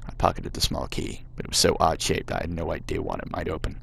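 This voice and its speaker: A man putting on a gruff American accent to read out the narration of a horror game. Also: monotone, fast, fairly bright tone, full character voice. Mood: grim. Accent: put-on American. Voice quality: gruff, low and grim. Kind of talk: reading game text aloud.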